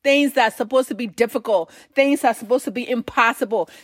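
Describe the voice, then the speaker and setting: A woman's voice: a little high, fast. A woman, preaching a sermon, telling a story with emphatic repetition.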